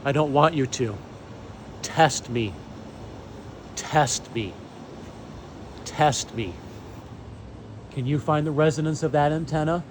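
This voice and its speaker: A man with a slightly raised voice speaks straight to camera in a fervent vlog monologue. He proclaims slowly and deliberately, leaning hard on each statement. His delivery swings from loud declarations down to hushed asides. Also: on the high side, slight background noise. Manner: proclaiming, slow and emphatic. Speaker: vlogger.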